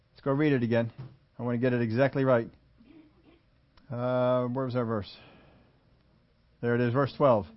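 A man preaching a sermon, slowing down and stressing key phrases and repeating points for his listeners to note down, now and then chuckling at his own jokes. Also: mid-range voice, animated. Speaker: pastor. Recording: dull lo-fi sermon audio.

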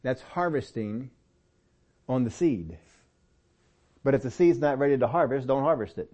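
A middle-aged male pastor delivers his sermon like a chat, his voice at a plain, everyday pitch. He tells personal stories and often lifts his pitch to drive a point home. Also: lo-fi sound. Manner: conversational storytelling with lively pitch swings and laughs.

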